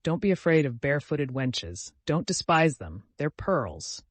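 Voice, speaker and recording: A man's voice: on the high side, big pitch swings, unhurried, no room sound. A man voicing a drunken, lecherous old father who rambles and picks quarrels. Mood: wheedling.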